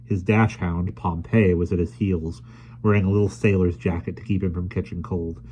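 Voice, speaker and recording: A man reading a children's book aloud in an expressive storytelling manner. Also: deep voice, normal speed, breathy edge. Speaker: audiobook reader.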